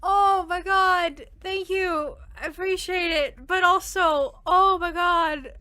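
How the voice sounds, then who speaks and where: A young woman streaming a horror game in a very high, bright voice, talking slowly and jittery with nervous laughter. The sound is close and dry. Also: steady tone, dry recording. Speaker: gaming streamer. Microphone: headphones with mic.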